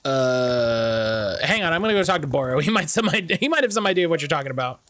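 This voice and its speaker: A man's voice: sits high, sing-song, very fast, bright, forceful tone, soft background music. A man commentating a live game stream in a rambling, joking way, often repeating himself.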